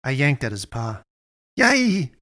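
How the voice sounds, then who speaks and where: A man narrating a first-person story, expressive, switching between narration and dialogue. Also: fairly low pitch, normal speed.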